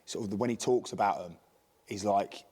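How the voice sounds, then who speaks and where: Husky low-voiced man in casual football chat. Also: a little fast, a little mellow. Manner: chatty, agreeable, lots of tag questions. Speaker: podcast co-host, ex-footballer.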